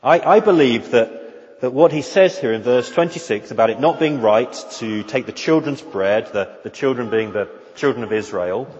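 A man's voice: mid-range voice, normal speed, a little mellow. A man pastor preaching a sermon, earnest and emphatic, repeating phrases and restarting his sentences. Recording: dull lo-fi sound with long hall reverb.

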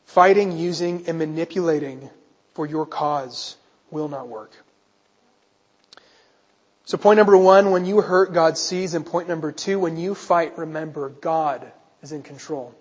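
A male pastor with a high, husky voice preaches earnestly and keeps pressing his listeners with questions. The sound carries a long hall reverb and comes through slightly muffled, as if recorded in a church sanctuary. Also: a little slow. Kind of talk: sermon.

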